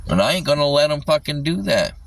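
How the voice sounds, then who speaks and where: A man's voice: fairly high pitch, very animated, quick pace, creaky. A man livestreaming an agitated rant, swearing constantly, with his voice a little distant from the mic.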